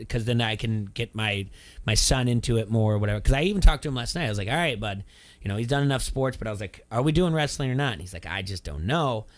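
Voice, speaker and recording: This middle-aged man hosts a sports talk show from a radio studio, his voice sitting at an ordinary mid pitch. He rambles through stories about family and sport, slipping into quoted voices along the way. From Iowa, USA. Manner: rambling, animated storyteller who acts out quoted voices.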